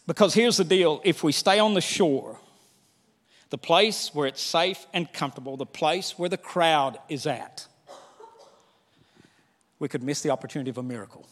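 A male pastor preaching a sermon in an animated way, often slipping into quoted voices. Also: on the high side, normal speed, pauses often, big-room sound.

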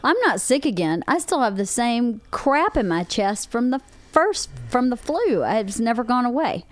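Woman, higher voice, podcast co-host, playful casual chat, dry close sound. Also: big pitch swings, moderate pace, no echo. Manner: playful, asks lots of questions.

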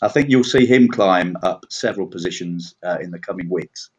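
Low-voiced man, rambling chat. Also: moderate pace. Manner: chatty, rambling, self-deprecating. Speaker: league player reviewing standings. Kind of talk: casual podcast chat. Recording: dull lo-fi audio.

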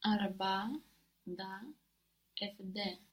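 A woman's voice: mid-range voice, flat delivery, drawn-out words, recorded from a distance. A woman learning a language, giving short, tentative answers to her tutor. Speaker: language student.

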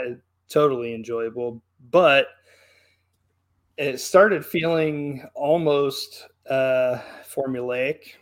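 A man co-hosting an album review, chatting in quick bursts and often restarting his sentences. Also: medium pitch, fairly bright tone. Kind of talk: casual chat.

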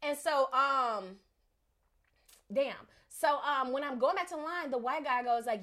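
A woman's voice: high-pitched, measured pace. A woman telling a story in casual podcast chat, acting out the people in it. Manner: animated, acts out voices in her story.

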